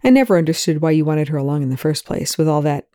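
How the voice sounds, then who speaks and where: A reader voicing a brash male officer who talks in quick, brusque bursts, in an audiobook reading of fan fiction. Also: medium pitch, animated, warm tone, dry recording, studio quality, natural voice.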